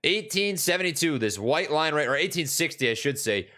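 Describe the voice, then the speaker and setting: Casting: young male streamer from Minnesota, slightly higher-pitched voice, rambling and casual, answers chat. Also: lively intonation, fairly quick, pushed and bright. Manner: rambling, lots of fillers and restarts, answers chat. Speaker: stock market streamer.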